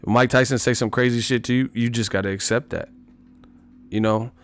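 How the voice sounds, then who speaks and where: A male livestream host chatting loosely and profanely about boxing, with a mid-pitched, everyday voice. He rambles from story to story and laughs at his own jokes, with faint music behind him. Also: fairly even intonation, fairly quick, smooth. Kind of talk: casual profane boxing talk.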